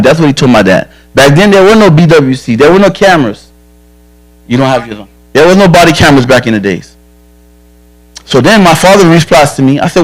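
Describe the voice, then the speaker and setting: A police officer speaking plainly and earnestly to a group of young campers, mixing blunt advice with stories from his own life. His voice sits a little higher than most men's. He talks directly and frankly, driving each point home. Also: lively intonation, brisk, poor audio. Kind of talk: safety talk to children at a church camp.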